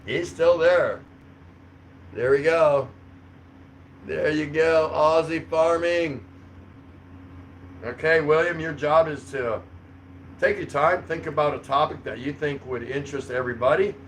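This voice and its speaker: A man's voice: on the high side, measured pace, pauses often, fairly bright tone, slight background noise, rough recording. A man hosting a livestream, reading out chat comments in a rambling, chuckling, easygoing way. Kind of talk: casual live chat. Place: home in the Philippines.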